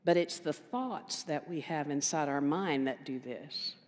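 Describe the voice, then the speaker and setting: A woman minister giving a conversational sermon, telling a story with animated quoted voices and emphatic repetition. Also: low-pitched, measured pace. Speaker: guest minister. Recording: reverberant hall.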